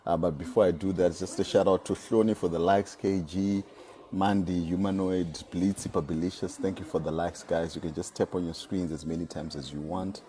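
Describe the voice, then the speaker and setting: A man hosting a live podcast interview, relaxed and encouraging, thanking viewers. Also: low voice, brisk, slight background noise. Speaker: podcast host. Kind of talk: casual live-stream interview.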